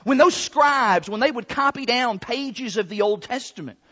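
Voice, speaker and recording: Male preacher, very high pitch, emphatic drawn-out delivery, muffled recording with long hall echo. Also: expressive, sharp tone, husky. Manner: emphatic, drawn-out stresses on key words. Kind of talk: sermon. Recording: long hall reverb, dull lo-fi sound.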